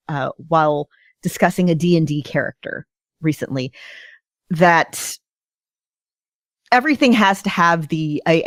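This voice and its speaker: Lady podcast cohost, kinda low voice, gets all excited, dry mic. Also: no room sound. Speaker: podcast co-host. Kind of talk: casual podcast chat.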